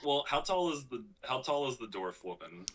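A man playing a tabletop game who asks quick questions about the scene. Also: mid-range voice, sing-song, a bit bright, husky, poor audio. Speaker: player. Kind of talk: tabletop role-play.

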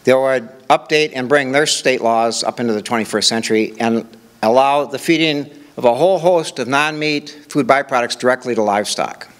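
A man's voice: mid-range voice, normal speed. An older man from Minnesota giving a conversational conference presentation, walking through examples with rhetorical questions. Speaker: conference speaker.

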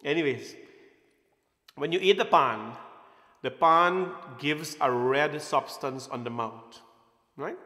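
This temple speaker's voice is fairly high, pushed and bright, and he talks slowly with frequent pauses. His satsang talk is informal and playful, full of questions aimed at the audience, and the hall gives a roomy echo.

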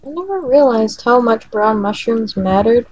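A woman's voice: on the high side, animated, normal speed, soft background music. Woman on lo-fi voice chat. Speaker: fellow player. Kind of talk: casual gaming voice chat. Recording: lo-fi voice chat audio.

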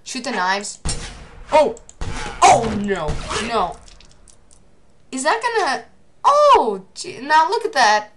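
Excitable teen girl narrating gameplay. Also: sits high, takes it slowly, pauses often, very noisy. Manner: excitable, shouts at the game. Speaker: gameplay commentator. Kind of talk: casual gameplay commentary.

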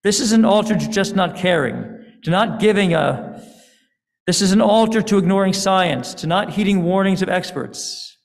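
An angry, weary God, voiced by a man speaks with slow, accusing command. The voice is gravelly and pitched a little high, and it rolls out into a long hall echo. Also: expressive, heavily acted. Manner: accusing, declaiming.

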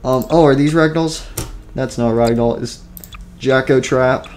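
A man's voice: medium pitch, measured pace, a little mellow, a little hiss or hum. A man giving casual gameplay commentary at his computer, rambling with many fillers and sounding tired and out of breath. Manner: rambling, filler-heavy, self-deprecating. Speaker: gaming YouTuber.

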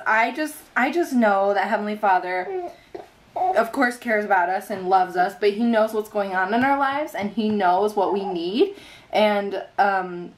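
A young woman speaks to her vlog audience from home in an earnest, heartfelt way. Her voice sits at a middle pitch for a woman. Her sentences ramble and run on. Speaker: mother vlogging about faith. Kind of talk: casual faith vlog. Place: at home with her baby son.

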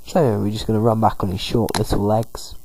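Gravelly man rambling over gameplay. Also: fairly low pitch, little pitch movement, fast talker, a little mellow, poor audio. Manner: rambling play-by-play, paraphrasing characters with "he's like". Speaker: gameplay commentator. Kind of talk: casual let's-play commentary.

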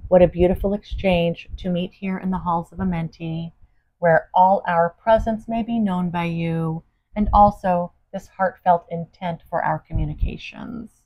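An excited alien being bubbles over with formal, effusive warmth, as a woman gives it voice. The voice sits fairly low but climbs with eagerness, and the recording sounds slightly dull and lo-fi. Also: a little slow, close to an everyday voice. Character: exuberant alien being from a distant planet.

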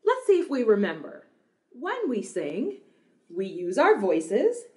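A young woman teaching small children about singing, talking slowly and brightly, with lots of praise and sung examples. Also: huge pitch swings. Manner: warm praising, sings examples, owl hoots and drum booms. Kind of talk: slow, sing-song lesson for small children.

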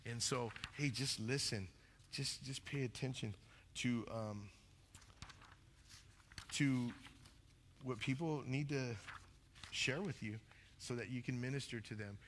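A man preaching a sermon as pastor, talking loudly and passionately, acting out little stories as he goes. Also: medium pitch, slow, long pauses, big-room sound, a little hiss or hum. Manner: loud, passionate, animated storytelling. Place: church sanctuary.

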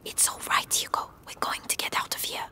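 A woman voicing a young teen girl protecting her little brother in a video game, often in urgent hushed whispers. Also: sits high, steady tone, normal speed, a little hiss or hum, lightly acted. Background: game music.

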